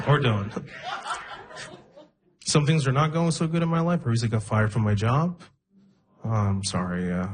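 A young man doing a stand-up set, telling wry, self-deprecating stories and slipping into quick character voices. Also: mid-range voice. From Arab region. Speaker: stand-up comedian. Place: comedy stage with a laughing audience.

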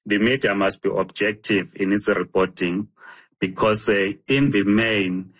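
A man answering as a guest commentator, measured and a little hesitant. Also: lowish voice, steady tone, a bit bright. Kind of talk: interview answer.

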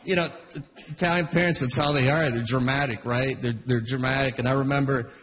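A man performing stand-up comedy, telling animated stories and checking in with the audience with asides. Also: medium pitch, fairly quick, long reverb tail. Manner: animated, keeps asking "you know what I mean?". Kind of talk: stand-up storytelling.

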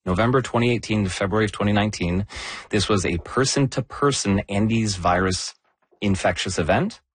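A man explaining health news in a conversational discussion, measured and emphatic on key words. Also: on the low side, breathy edge, no room sound.

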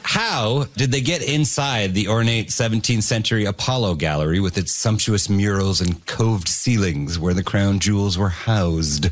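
A man's voice: on the low side, normal speed, few pauses. A man hosting a comedy podcast quiz, reading trivia questions and enjoying the guesses. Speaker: quiz host.

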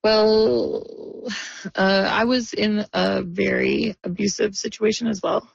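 A woman speaking in a radio interview, near tears, halting and emotional with nervous laughs. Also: mid-range voice, fairly even intonation, gravelly, slightly rough, no room sound, lo-fi sound. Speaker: interviewee, friend of a victim.

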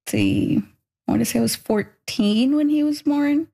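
A woman telling a family memory in an interview, warm and laughing as she talks. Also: high-pitched, normal speed, creaky. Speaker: older sister. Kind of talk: interview speech.

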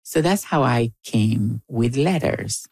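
A woman from Argentina with an Argentine Spanish accent, telling personal stories in an interview in a slow, playful way. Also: rumbling low, lively intonation, vocal fry, darkish tone, slightly rough, dry recording. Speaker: storyteller and writer.

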